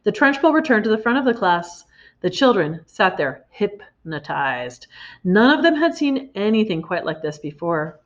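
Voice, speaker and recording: A woman reading a children's storybook aloud in an expressive way, in a slightly muffled recording. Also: mid-range voice, moderate pace. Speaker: reader.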